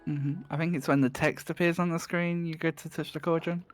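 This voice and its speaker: A man's voice: fairly high pitch, level tone, fairly quick. A man with a British accent giving live speedrun commentary, chatty and self-deprecating. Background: music.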